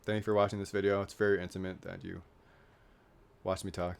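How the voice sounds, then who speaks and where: Low-voiced young man rambling, self-mocking. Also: little pitch movement, fairly quick, vocal fry, smooth. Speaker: YouTuber. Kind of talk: casual vlog monologue.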